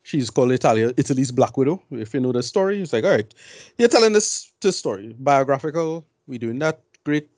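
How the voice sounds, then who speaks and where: A man's voice: mid-range voice, very animated, a little fast, darkish tone, dry recording, clean studio sound. A man giving blunt, rambling film opinions in a casual podcast chat. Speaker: film review podcast co-host.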